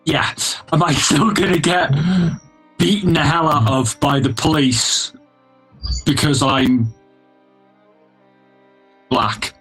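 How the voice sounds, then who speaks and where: A man playing in a tabletop game, speaking in halting, stammering bursts. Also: fairly high pitch, fairly bright tone, breathy edge, soft background music, poor audio. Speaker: player. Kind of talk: tabletop role-play.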